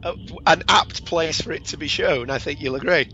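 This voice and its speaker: A man's voice: a little high, moderate pace, bright, forceful tone, dull audio, a little hiss or hum. A man co-hosting a podcast while sick and congested, talking in dry, wry casual chat. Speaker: podcast co-host.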